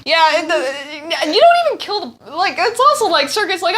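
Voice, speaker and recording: A woman's voice: very high-pitched, big pitch swings, moderate pace, a bit bright. A young woman rambling through a joking, sarcastic retelling, often laughing, recorded on a phone. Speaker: storyteller.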